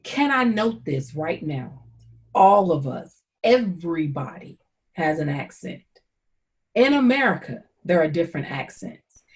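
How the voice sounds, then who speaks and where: Host: St. Louis woman, lower voice, earnest and encouraging, unhurried delivery. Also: very animated. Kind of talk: casual conversation.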